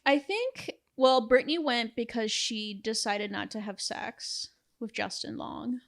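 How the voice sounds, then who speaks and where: A woman's voice: fairly high pitch, vocal fry, no room sound, studio quality. A young woman co-hosting a podcast, casually retelling a film's plot and quoting its characters. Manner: animated retelling, quoting characters in quick voices. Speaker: podcast co-host. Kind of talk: casual film review chat.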